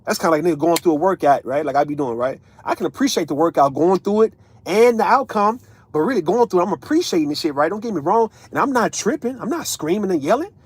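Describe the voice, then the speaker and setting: A man's voice: a little high, fast, husky. A man, ranting casually as an online commentator, profane and emphatic, tagging lines with right and man. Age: 30s.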